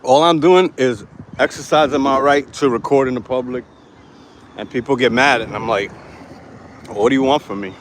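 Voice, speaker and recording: A man's voice: medium pitch, moderate pace, pauses often. A man walks a downtown sidewalk in the heat, holding his phone out and talking straight to his viewers. He is brash, defiant and swears freely. Faint traffic hum and outdoor noise sit under his voice. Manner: brash, profane, defiant, talking to camera while walking. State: hot and sweaty. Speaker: street vlogger. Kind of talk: live-streamed walking vlog. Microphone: handheld phone. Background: street traffic ambience.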